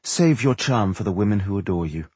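Dry teasing magic lady, done by a guy narrating, husky. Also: lowish voice, lively intonation, fairly quick, a little mellow, no room sound. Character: cool-headed female mage, teasing.

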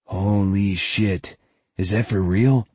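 A startled young marine lance corporal, as a man puts him on, blunt and incredulous. The voice sits somewhat higher than the reader's own, still husky, in a dry close recording. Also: fairly even intonation, takes it slowly, a little mellow, no echo.

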